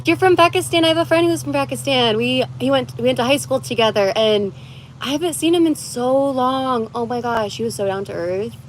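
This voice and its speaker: A woman's voice: high voice, brisk, a little hiss or hum. A young woman livestreaming from her phone outdoors in the woods, chatting in a bubbly, rambling way as she answers viewers' comments. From United States. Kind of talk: casual livestream chat. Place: outdoors in wooded mountains.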